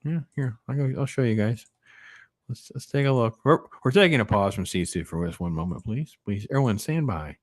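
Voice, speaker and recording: A man hosting a casual movie review chat, rambling and animated, often trailing off and restarting. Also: mid-range voice, fairly quick. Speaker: podcast host.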